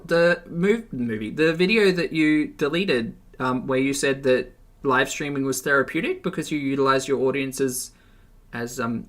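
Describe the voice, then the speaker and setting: A man's voice: on the high side, a bit bright. A man giving sarcastic, chatty reaction commentary on a livestream. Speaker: commentary streamer.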